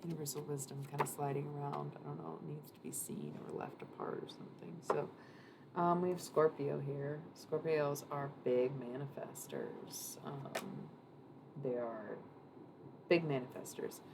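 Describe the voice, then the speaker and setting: A deep-voiced woman rambling casually through a live tarot card reading, swearing now and then. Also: lively intonation, measured pace, gravelly. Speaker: tarot reader streamer. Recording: noisy room ambience.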